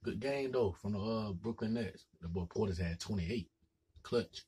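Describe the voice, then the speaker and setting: A man's voice: lowish voice, moderate pace, dark tone, slightly rough. A man hosting a casual reaction video, talking straight to the players on screen in a hyped, slangy way. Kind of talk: casual live game reaction commentary.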